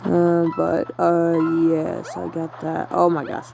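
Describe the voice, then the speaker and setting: A woman's voice: on the low side, monotone, slow, creaky, over music, low-quality recording. A woman playing a video game and thinking aloud, talking to herself with lots of fillers as she goes. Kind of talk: casual let's-play commentary.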